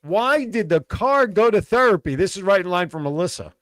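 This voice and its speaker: A man's voice: high-pitched, expressive, brisk, fairly bright tone, no room sound. A man hosting a casual radio show, telling dad jokes and repeating each setup twice.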